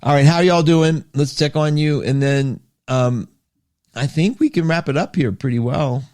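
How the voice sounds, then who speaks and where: A man hosting a casual astrology livestream. He reads listener comments aloud and answers them, and his talk swings between loud, laughing outbursts and soft asides. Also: fairly high pitch, normal speed, no room sound, studio quality. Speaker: astrology show host.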